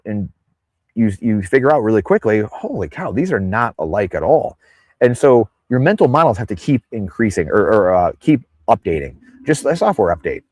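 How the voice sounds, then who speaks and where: Guest spot: man with a lowish voice, swoops up and down a lot, tangent-prone, dry close sound. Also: no room sound. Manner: rambling, goes off on tangents; acts out quoted people in exaggerated voices. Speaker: podcast guest. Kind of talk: casual interview talk.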